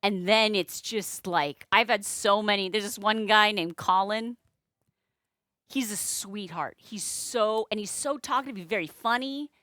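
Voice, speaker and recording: Balloon artist lady hosting a stream, bright and bouncy, dry close sound. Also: mid-range voice, measured pace, dry recording. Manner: animated storyteller, giggly. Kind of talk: casual chat.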